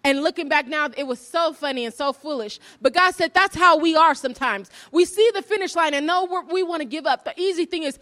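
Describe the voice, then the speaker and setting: A woman's voice: high voice, a little fast, hardly any pauses, fairly bright tone. A young adult woman from the Pacific Northwest of the US giving an earnest devotional message, telling a personal story and asking rhetorical questions. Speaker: preacher.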